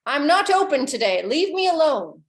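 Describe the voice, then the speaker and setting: A woman voicing a gruff old man who makes coffins, curt and dismissive. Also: sits high, very animated, moderate pace, echoey room, voice pushed up.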